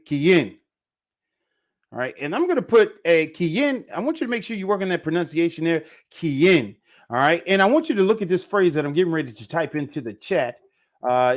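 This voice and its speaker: A man teaching a casual live online Spanish lesson, repeating phrases slowly for pronunciation. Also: on the high side.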